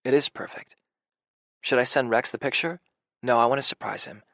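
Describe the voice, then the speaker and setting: A man narrating a first-person romance audiobook in a quiet, intimate way. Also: mid-range voice, normal speed, vocal fry, no echo.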